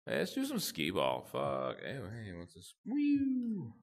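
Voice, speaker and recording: A young man giving profane, excitable commentary to himself while playing a game. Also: mid-range voice, slow pace. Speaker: gamer channel host. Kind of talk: gameplay commentary.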